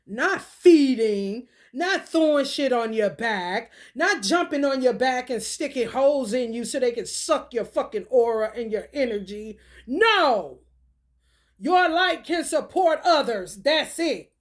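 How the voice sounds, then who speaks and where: A woman's voice: high-pitched, expressive, a little slow. A woman hosting a casual livestream and reading oracle cards. She swears freely, laughs often and talks straight to her viewers.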